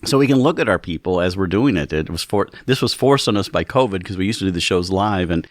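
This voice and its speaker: A man's voice: sits low, expressive, fast, no echo, clean studio sound. A man hosting an interview over a video call, talking in an easygoing, conversational way. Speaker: radio show host.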